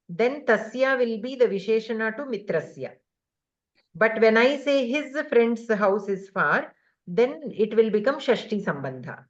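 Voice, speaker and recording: A woman teaching a grammar class over a video call, explaining patiently step by step with many pauses and fillers. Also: on the high side, muffled recording.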